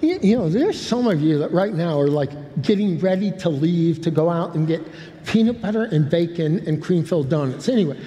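Older male pastor, warm mellow tone, a bit high, rambling storyteller. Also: lively intonation, fairly quick. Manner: rambling, self-interrupting with humorous asides. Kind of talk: sermon storytelling. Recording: long hall reverb.

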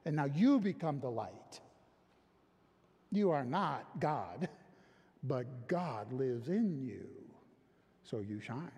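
A man preaching a sermon as pastor, asking questions and swinging between emphatic rises and quiet drops. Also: extremely high pitch, in a large hall.

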